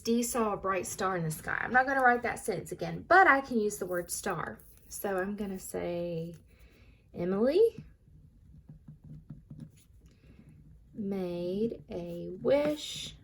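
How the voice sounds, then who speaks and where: A young woman teacher giving a recorded reading lesson to young students, slowly and clearly sounding out words and walking through worksheet answers. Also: on the low side, a bit bright, a little hiss or hum.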